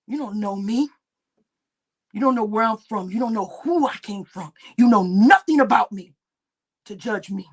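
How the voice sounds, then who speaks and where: A woman hosting a livestream, ranting angrily, swearing heavily and breaking into shouts. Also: mid-range voice, normal speed, breathy edge. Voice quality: heavy cursing, shouting bursts. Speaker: livestream host. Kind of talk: angry livestream rant.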